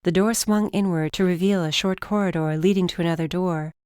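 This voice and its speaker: A woman narrating an audiobook in first person with a steady, even delivery. Her voice sits low and sounds smooth and resonant, recorded close on a studio mic in a dry booth. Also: a little fast, no echo.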